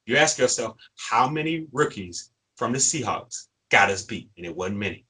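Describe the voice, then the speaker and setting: A man's voice: mid-range voice, animated, moderate pace, pushed and bright, breathy edge, rough recording. A man co-hosting a sports fan show, ranting emphatically and repeating his points, worked up and frustrated. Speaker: sports podcast co-host. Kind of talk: fired-up fan commentary.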